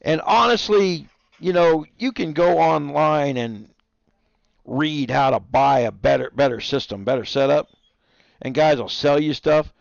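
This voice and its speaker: A man's voice: a little high, measured pace, creaky, dry recording, lo-fi sound. A man streaming and casually rambling through a funny story to his viewers. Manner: rambling storyteller, chuckling, talks to his dogs. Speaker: livestreamer.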